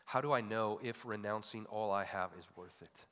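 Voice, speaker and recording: At a moderate pace, a male pastor preaches a sermon full of repeated rhetorical questions, swinging between loud emphatic peaks and quiet low drops. Long hall reverb colors the recording.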